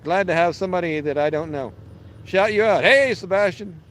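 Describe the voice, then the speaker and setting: A man's voice: fairly high pitch, fairly quick. A man, hosting a fishing livestream outdoors and chatting casually, rambling and restarting as he reads viewer messages. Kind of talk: casual live-stream chat. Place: outdoors at a park lake.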